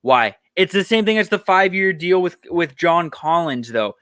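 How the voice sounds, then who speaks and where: A man's voice: high voice, lively intonation, normal speed, hardly any pauses, pushed and bright, no room sound. A young man hosting a solo sports podcast, ranting heatedly with profanity, then running through roster moves.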